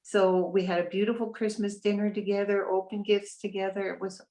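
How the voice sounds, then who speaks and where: A woman's voice: medium pitch, flat delivery, brisk, few pauses, rough recording. Middle-aged woman, interview testimonial, heartfelt and chatty, mid-range voice. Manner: warm, heartfelt storytelling with fillers and restarts. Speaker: family member of a resident.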